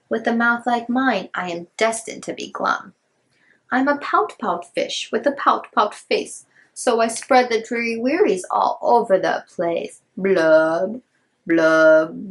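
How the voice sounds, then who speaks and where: A woman's voice: on the high side, measured pace, gravelly, a bit bright. A woman voicing a glum, gloomy male fish in a storybook, chanting his mopey rhyme with pouty blubs.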